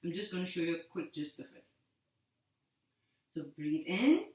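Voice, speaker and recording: Woman yoga teacher, lowish calm voice, gentle guided breathing cues, recorded far off in a very echoey room. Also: normal speed, slight background noise. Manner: calm, gentle cueing with repeated counts.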